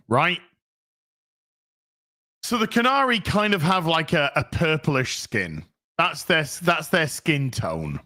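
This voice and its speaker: A man hosts a casual livestream, rambling through his thoughts with frequent false starts and plenty of swearing. His voice is bright and forward, and pitched a touch high for a man. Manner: rambling, with many restarts and swearing. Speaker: streamer host reading chat.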